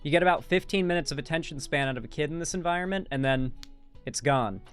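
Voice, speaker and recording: A man's voice: on the high side, quick pace, smooth. A young man giving casual, blunt commentary while reacting to a video, rambling and correcting himself as he goes. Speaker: commentary streamer. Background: faint background music.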